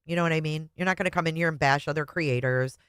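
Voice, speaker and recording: Speaking fast to her chat on a casual live stream, a middle-aged woman with a low voice comes across blunt, talkative, and freely profane. Her tone is fairly bright, clear, and resonant, and the sound is close and dry with no echo.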